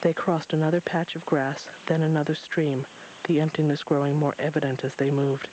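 A man reads a storybook aloud in a calm, even manner. His voice sits a little high. Faint hiss hangs under the recording. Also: moderate pace, low-quality recording. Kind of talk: storybook read-aloud narration.

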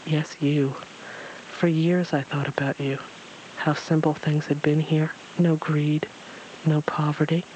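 A man voicing a wise, gray-haired old man in a storybook reading, gentle, measured and grave. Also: a little high, level tone, highs cut off, slight background noise, close to an everyday voice. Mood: wistful. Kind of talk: storybook read-aloud.

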